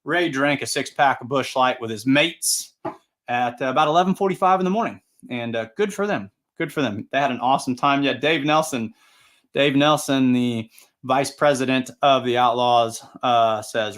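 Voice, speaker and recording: A man's voice: mid-range voice, animated, moderate pace, fairly bright tone. A man who announces tractor pulls, hosting a casual livestream and telling upbeat, rambling stories. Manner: chatty, rambling, upbeat anecdotes. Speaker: tractor pull announcer and show host.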